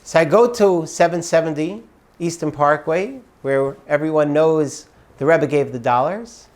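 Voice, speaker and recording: A man narrating an uplifting religious story in an earnest, expressive way. His voice sits notably high for a man. He leans into the moral of the story. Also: unhurried. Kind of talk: inspirational storytelling.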